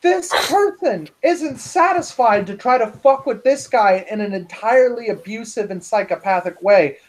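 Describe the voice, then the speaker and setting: A woman's voice: on the high side, animated, normal speed, few pauses, darkish tone. Woman ranting angrily with heavy swearing. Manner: angry, profane ranting. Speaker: podcast co-host. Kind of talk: casual podcast commentary.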